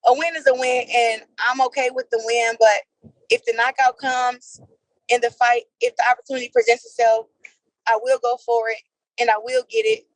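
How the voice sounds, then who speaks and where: High-voiced woman in a dry, close interview. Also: normal speed, no room sound, rough recording. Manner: animated, laughing storyteller. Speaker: boxer, interview guest. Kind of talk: casual interview chat.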